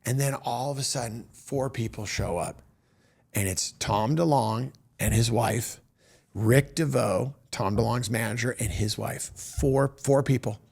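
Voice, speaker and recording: A man in his fifties, a comedian hosting his own show, telling stories in an animated monologue and acting out the voices of people in them. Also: medium pitch, a little slow, gravelly, husky. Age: 50s. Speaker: comedian host. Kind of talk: storytelling monologue.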